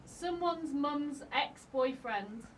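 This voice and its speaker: A woman's voice: high-pitched, lively intonation, slow, a little hiss or hum, rough recording. A woman co-hosting a comedy podcast, telling a story with giggles and hesitant ums. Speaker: podcast co-host. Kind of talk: casual comedy chat, storytelling.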